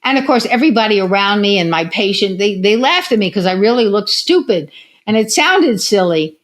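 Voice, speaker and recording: An older woman speaks at a middling pitch as a podcast guest, recounting stories from her years as a physical therapist. She acts out the lines of the people in her stories, sometimes drawing words out slowly, sometimes squeaking them high. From United States. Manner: animated storyteller who acts out quotes. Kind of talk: casual storytelling interview.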